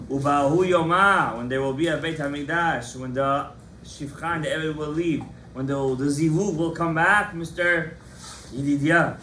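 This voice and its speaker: Man, rabbi, Torah class, animated, impassioned, quizzes students, fairly high voice, roomy hall. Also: normal speed, a little hiss or hum. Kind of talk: lively Torah class lecture.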